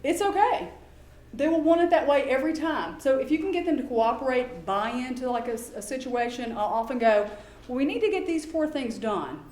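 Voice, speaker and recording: A middle-aged woman giving a lecture as a behavior specialist, lively and acting out quoted exchanges in voices. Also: high voice, brisk. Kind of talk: conference lecture. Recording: echoey room, faint background ambience.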